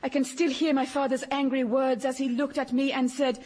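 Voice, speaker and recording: An actress playing a melodramatic Swedish former sweetheart in a radio comedy, rambling and breathy. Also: female voice, high-pitched, flat delivery, brisk, darkish tone. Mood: wistful. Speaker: lead character in radio sitcom.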